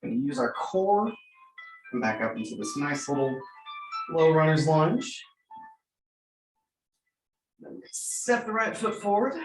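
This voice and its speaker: Calm man in his thirties leading yoga. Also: on the high side. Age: 30s. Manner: calm, gentle cueing with light self-deprecating asides. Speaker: yoga instructor. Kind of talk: guided yoga class. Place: church room. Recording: roomy, from far off the mic.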